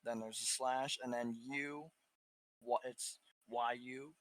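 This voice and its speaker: A man's voice: mid-range voice, fairly even intonation, takes it slowly, a bit bright, no echo. A man co-hosting a podcast, talking in crude casual banter, swearing and joking, often laughing at his own bits. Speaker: podcast co-host.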